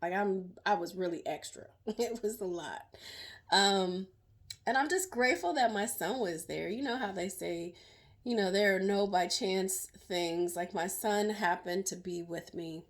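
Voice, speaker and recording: A middle-aged woman sharing her own story as a survivor, in emotional, halting personal testimony full of fillers and restarts. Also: mid-range voice.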